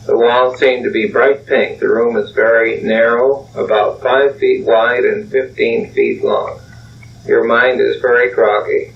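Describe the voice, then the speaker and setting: An older man, a clinical psychologist, calmly leading a guided imagery session in slow second-person narration on an old tape recording with a distant mic. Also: medium pitch, gravelly, muffled recording, a little hiss or hum.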